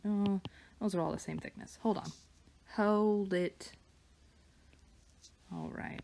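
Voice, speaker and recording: A woman artist chatting casually while she draws, wandering between stories and soft murmured asides about her work. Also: mid-range voice, steady tone, slow pace, gravelly, long pauses. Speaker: digital artist and vlogger. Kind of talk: casual chat while drawing. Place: home studio with her dog nearby.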